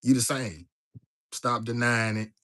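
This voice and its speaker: A man's voice: mid-range voice, steady tone, unhurried, a bit bright. Chatty man hosting a livestream. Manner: loose, chatty, talks to viewers directly, reads chat aloud. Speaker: livestream host. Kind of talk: casual livestream chat.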